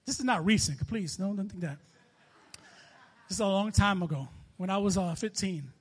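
A man's voice: sits high, moderate pace, breathy edge. A man in his twenties with a New York accent, giving a casual, conversational sermon with frequent restarts and laughter. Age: 20s. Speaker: minister.

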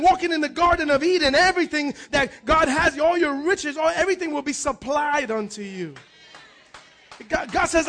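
High-pitched, gravelly pastor preaching loudly. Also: male voice. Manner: energetic preaching with frequent shouts and repeated words. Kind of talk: sermon.

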